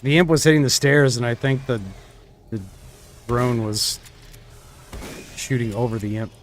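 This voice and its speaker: A man's voice: medium pitch, measured pace, a little hiss or hum. A young man streaming a shooter game, chatting casually and trailing off into mumbled asides. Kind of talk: casual gameplay commentary.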